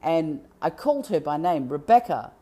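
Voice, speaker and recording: A woman telling a personal story out loud in an earnest, emphatic and heartfelt way. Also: on the low side, normal speed.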